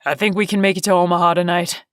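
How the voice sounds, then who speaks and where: A woman voicing a steady, guarded grown man on the run, speaking low, terse and firm in an audiobook. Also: quick pace, no echo, clean studio sound, lightly acted.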